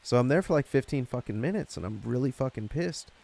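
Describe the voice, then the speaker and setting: Man, young adult, gravelly voice, casual podcast chat, rambling, lots of swearing. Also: mid-range voice, expressive, fast talker, darkish tone. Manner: rambling storyteller, swears a lot. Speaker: podcast co-host.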